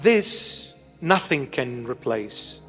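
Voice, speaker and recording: A man's voice: mid-range voice, big pitch swings, extremely slow, a bit bright, big-room sound, faint music behind. A man in his fifties delivering an emphatic sermon, repeating his key phrases. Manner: emphatic, repetitive preaching. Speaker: preacher.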